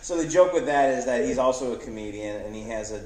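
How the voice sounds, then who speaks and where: A man's voice: mid-range voice, quick pace. A man, a guest comedian, telling a rambling, self-deprecating story in casual podcast chat. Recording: roomy podcast room.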